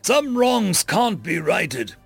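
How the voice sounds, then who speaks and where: A frightened young man holding his ground, as a male storyteller voices him. His tense, defiant voice climbs high, leaps widely across its range and has a gravelly rasp. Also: very animated, takes it slowly, dry recording, soft background music, full character voice. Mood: desperate.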